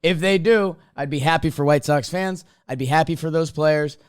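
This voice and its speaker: A man co-hosting a sports podcast, talking casually in halting bursts and laughing as he speaks. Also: a little high, smooth, dry recording, studio quality. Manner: halting, self-interrupting, laughs through lines. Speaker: podcast co-host.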